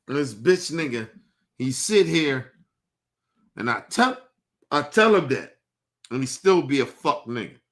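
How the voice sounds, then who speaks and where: A man's voice: mid-range voice, big pitch swings, unhurried, pauses often, fairly bright tone. A young man on a livestream, ranting heatedly and profanely, repeating himself as he vents. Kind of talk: livestream rant.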